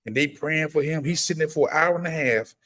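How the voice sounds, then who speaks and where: Preacherly man hosting a livestream. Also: fast. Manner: preacherly, repetitive, emphatic; breaks into high-pitched excited exclamations when greeting viewers. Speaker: firearms trainer and livestream host. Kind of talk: casual livestream talk. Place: gun laws in Maryland.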